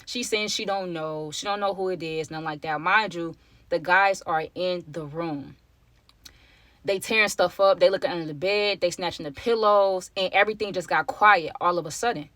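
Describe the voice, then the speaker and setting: A woman's voice: fairly low pitch, moderate pace, a bit bright, dry recording. A young woman telling a personal story to her viewers in a casual, chatty way, often calling them y'all. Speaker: storytime vlogger.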